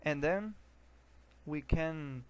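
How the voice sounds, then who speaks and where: A man teaching an English lesson, often restarting words and filling pauses with uh and um. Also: fairly high pitch, poor audio. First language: Spanish. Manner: hesitant, repeats words, many fillers.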